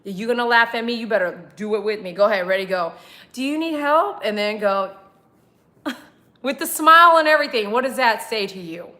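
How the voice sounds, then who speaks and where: A woman groomer telling a lively story to her livestream viewers, acting out the dialogue and laughing often. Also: brisk. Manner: animated, laughing, acts out dialogue with big pitch jumps.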